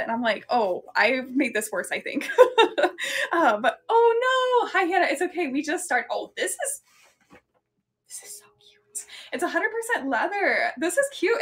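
A woman's voice: on the high side, a bit bright. A young woman chatting casually on a live stream as she sells thrifted clothes, giggling often and filling gaps with "um" and "like.". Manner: chatty, giggly, lots of ums and likes. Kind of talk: casual live-selling chat.

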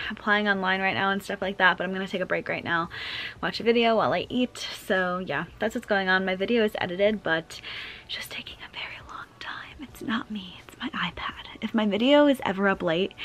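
A woman's voice: medium pitch, a bit bright. A woman in her twenties chatting casually in a day-in-my-life vlog, rambling with lots of "like" fillers and sounding a little out of breath, filmed in her kitchen at home. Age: 20s. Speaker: vlogger.

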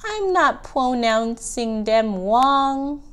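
A woman's voice: high-pitched, animated, extremely slow, clear, resonant tone, exaggerated voice. A woman voicing a silly, eager little baby puppet that mispronounces words in a children's puppet show. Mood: insistent.

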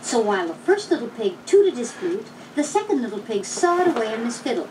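Woman narrating a storybook, lively. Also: on the high side, a little fast. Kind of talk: storybook read-along narration. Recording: noisy, distant old record.

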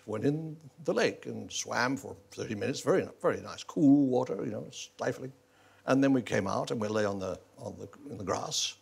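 A man's voice: on the low side, creaky, husky. An older man telling wry stories as a talk show guest, chuckling through them. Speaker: interview guest. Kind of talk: anecdotal storytelling in a talk show interview. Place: television studio.

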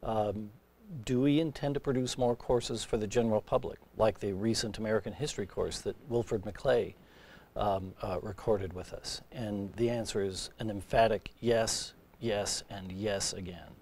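Low-voiced man moderating a livestream. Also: steady tone, darkish tone, slight background noise. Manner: measured, reads viewer questions, brief assents. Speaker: college administrator and moderator.

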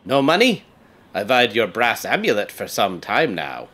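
A man's voice: on the low side, wildly swooping pitch, moderate pace, a bit bright, full character voice. A man voicing a sneering greedy tea house boss. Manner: sneering, boastful, vengeful. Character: greedy bullying male tea house owner, middle-aged.

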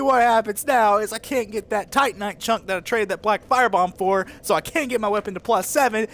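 A young man streaming gameplay commentary, frustrated and swearing, with sudden shouts. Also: sits high, a little fast, hardly any pauses.

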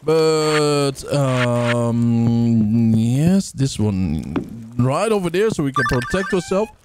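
Animated man narrating his game. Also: mid-range voice, very slow, background noise. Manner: chatty, talks to game characters, hums and sings. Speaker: gamer. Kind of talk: casual let's play commentary. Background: game music.

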